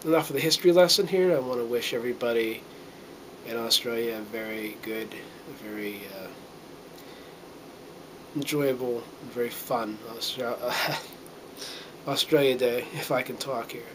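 A man's voice: mid-range voice, moderate pace, background noise. A middle-aged man from the United States talking to a handheld camera in a casual, earnest monologue, rambling with many fillers and restarts and getting a little choked up. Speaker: vlogger.

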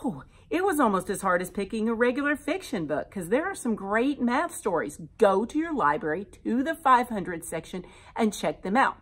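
A woman teacher reading a rhyming picture book aloud to children in an animated, expressive way. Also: mid-range voice, breathy edge.

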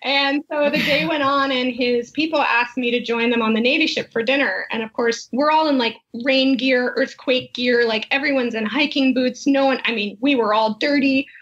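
A woman's voice: sits high, normal speed, few pauses. A woman guest on a podcast, telling an anecdote with lots of laughter and acting out quoted lines. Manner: animated storyteller, laughs often, acts out quoted lines. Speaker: guest, wine tasting business founder. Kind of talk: casual storytelling interview. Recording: muffled lo-fi podcast audio.

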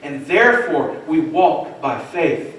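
A man's voice: fairly high pitch, lively intonation, takes it slowly, fairly bright tone, distant mic. Male preacher, earnest to fervent, recorded from afar in a very echoey church hall. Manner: earnest, rising to fervent emphasis, rhetorical asides. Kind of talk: sermon. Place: church sanctuary.

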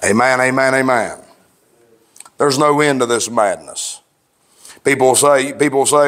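A male pastor preaching a plainspoken, fervent sermon, swinging from low talk to raised shouts. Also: measured pace, long pauses. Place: church.

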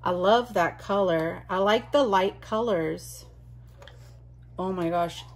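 A woman's voice: mid-range voice, takes it slowly. A woman vlogger chatting casually as she unboxes mail, gushing and exclaiming often. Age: adult.

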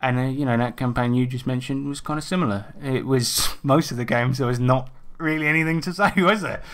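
Chatty, swearing podcast man. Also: medium pitch. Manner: animated, swears freely, quick asides. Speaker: podcast co-host. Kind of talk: casual chat.

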